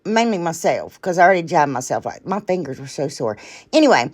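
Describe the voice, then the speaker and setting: A woman's voice: sits low, sing-song, brisk. A woman hosting a casual craft tutorial who talks to viewers as "y'all", rambles, trails off and keeps apologizing. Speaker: DIY crafting channel host.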